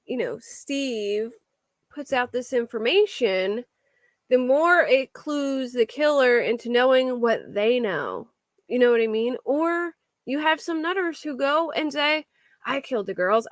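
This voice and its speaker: A woman with a voice on the high side and a fairly bright tone hosts a true crime livestream, recorded in clean studio sound with no room sound. She chats casually and reacts to viewer comments, rambling with restarts and filler words.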